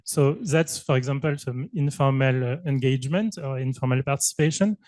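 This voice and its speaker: A man's voice: medium pitch, a little fast, a little mellow, no echo. Hesitant French-accented man, dry sound. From Brittany, France. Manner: hesitant, many filler sounds, self-conscious. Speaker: researcher and youth worker. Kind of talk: panel discussion.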